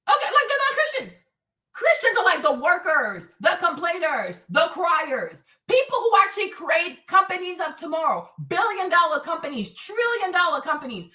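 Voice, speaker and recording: A woman's voice: very high voice, bright, forceful tone, echoey room, far from the mic. A woman hosting a livestream, talking in an emphatic, repetitive, preachy way. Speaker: livestream host. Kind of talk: preachy casual livestream talk.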